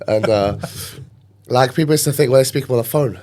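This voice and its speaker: This podcast guest, a gym owner with a London accent, tells animated, casual stories about growing up, mimicking whoever he's quoting. He speaks at a normal pace in a mid-range voice.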